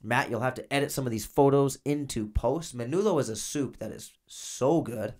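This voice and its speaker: A former inmate co-hosting a podcast tells rambling, filler-packed stories in casual conversation. His voice is mid-range and a little mellow, moving at a normal speed.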